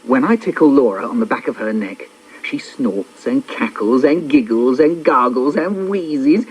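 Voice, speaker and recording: A man's voice: mid-range voice, animated, unhurried, husky. A man performing his own children's poems in a playful, theatrical way, slipping into little character voices. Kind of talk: performed poetry reading for children. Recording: dull old cassette copy.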